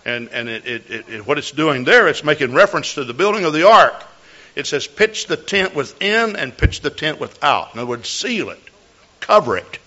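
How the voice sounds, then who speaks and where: Older male pastor, lively storytelling sermon. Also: fairly high pitch. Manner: storytelling, folksy, repeats words and restarts. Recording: dull lo-fi recording.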